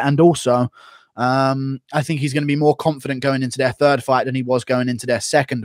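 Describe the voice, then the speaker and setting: A man's voice: mid-range voice, no echo, studio quality. A young man on a live stream, casually reading out donations and giving blunt fight opinions. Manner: blunt, rambling, reads donations.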